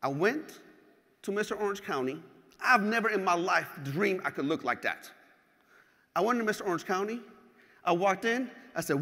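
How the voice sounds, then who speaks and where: Man, keynote speaker, animated storytelling, bright forceful voice, long hall reverb. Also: sits high, normal speed, long pauses. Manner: animated and profane, acts out scenes. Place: large hall.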